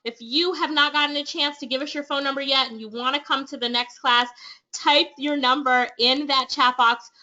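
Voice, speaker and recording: A woman with a Jamaican accent hosts a webinar, pitching her class in an excited, persuasive way. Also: normal speed. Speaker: online business trainer hosting a webinar. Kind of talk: upbeat sales pitch to webinar attendees. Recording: dull lo-fi webinar audio.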